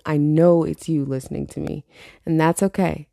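Woman, late 20s, podcast host; low, gravelly, swears and laughs freely. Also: steady tone, moderate pace, dark tone, no echo, clean studio sound. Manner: loose, profane, laughs often. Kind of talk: casual solo podcast chat.

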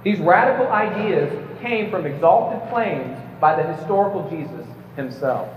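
A man's voice: fairly high pitch, lively intonation, moderate pace, a little hiss or hum. A man giving an emphatic prepared debate speech to a live audience, lecturing with occasional stumbles and light jokes. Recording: echoey hall, distant mic, slightly dull.

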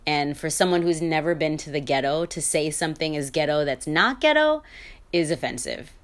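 Low-voiced woman hosting a candid podcast. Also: expressive, normal speed. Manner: candid and opinionated, with frequent fillers and restarts. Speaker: podcast host. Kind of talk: solo podcast monologue.

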